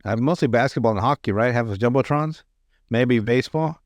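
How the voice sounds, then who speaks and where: A man's voice: mid-range voice, fairly quick, no echo. A man hosting a podcast, retelling comedy sketches in casual chat, rambling and profane, with lots of restarts. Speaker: podcast host.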